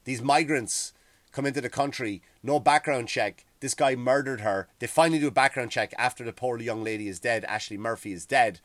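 Hosting his podcast, a middle-aged man from Ireland launches into a fairly quick, swear-filled rant, his Irish-accented voice climbing loud and high whenever he gets worked up. There's no reverb; it's a dry recording.

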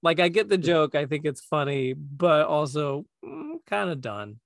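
A man co-hosting a podcast, talking in a relaxed, easygoing way and thinking aloud with plenty of filler words. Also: on the high side, a little slow, no echo, clean studio sound. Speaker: podcast co-host, voice actor. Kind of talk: casual podcast chat.

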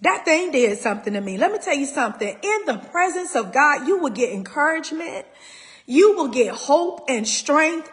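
A woman's voice: high-pitched, expressive, moderate pace, sharp tone, long reverb tail. A woman, hosting a faith talk, speaking in a raw way and close to tears. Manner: raw, tearful, holding back crying. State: near tears. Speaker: podcast host. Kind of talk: emotional faith talk to listeners.

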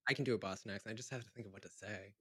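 A young adult voice actor chatting playfully between accent takes, a little nervous and quick to laugh. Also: medium pitch, bright, forceful tone, husky. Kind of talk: casual recording session chat.

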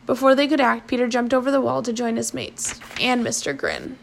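A woman reading a novel aloud in a plain, steady way, with small slips and restarts. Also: fairly high pitch, brisk, vocal fry, a little hiss or hum. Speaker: narrator.

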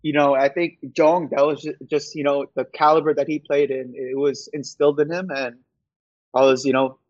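Chill young guy talking hoops, kinda higher voice, dull muffled sound, dry. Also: little pitch movement, normal speed, a little mellow, no room sound. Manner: laid-back, laughs often, many fillers. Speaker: basketball player guest. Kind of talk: casual interview chat.

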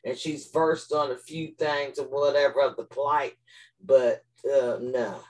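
A man's voice: medium pitch, fairly even intonation, a little slow, far from the mic, low-quality recording. A man chatting casually as a panelist, blunt and dismissive. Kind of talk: casual chat.

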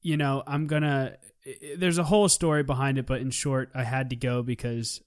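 A man's voice: medium pitch, level tone, a little fast. A man co-hosting a podcast in casual chat, rambling and joking, laughing at his own lines. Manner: rambling and jokey, laughs often. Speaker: podcast co-host.

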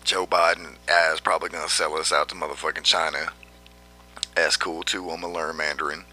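A man's voice: extremely low pitch, flat delivery, brisk, sharp tone, a little hiss or hum. A man vlogging a brash, profane rant and laughing often at his own jabs.

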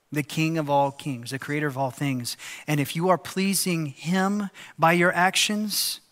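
Animated preacher in a reverberant sanctuary. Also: male voice, a little high. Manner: animated, acts out quoted voices. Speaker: pastor. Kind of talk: sermon. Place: church sanctuary. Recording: long hall reverb.

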